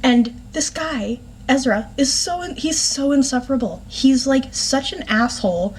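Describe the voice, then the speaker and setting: A fairly high-pitched woman ranting about a book she hates. She talks in a sarcastic, exasperated way and swears freely. Her delivery is casual and conversational. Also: unhurried, husky. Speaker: book reviewer.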